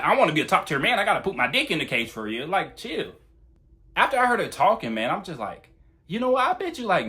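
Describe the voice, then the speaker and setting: A young man talking fast and bluntly, with plenty of swearing, in a casual monologue giving dating advice on his channel. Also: on the high side, fairly bright tone. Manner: blunt, profane, talks fast.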